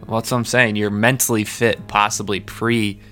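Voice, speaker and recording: A man's voice: fairly low pitch, flat delivery, moderate pace, fairly bright tone, faint music behind. A man co-hosting a podcast in casual chat, playful and often restarting his sentences. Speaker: musician co-host.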